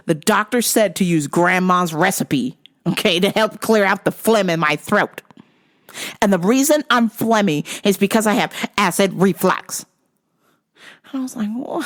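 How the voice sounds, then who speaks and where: Woman with a lively, swinging voice. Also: mid-range voice. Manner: blunt, sarcastic, swears constantly. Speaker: podcast host. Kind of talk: profane comedic storytelling.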